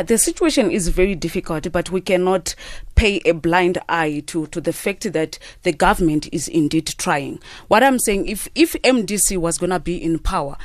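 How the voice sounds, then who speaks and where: A woman's voice: on the low side, no echo, clean studio sound. A woman from Zimbabwe, an activist guest giving earnest interview answers and often stopping to restate her point. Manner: earnest, repeats "what I'm saying". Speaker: civil society activist guest.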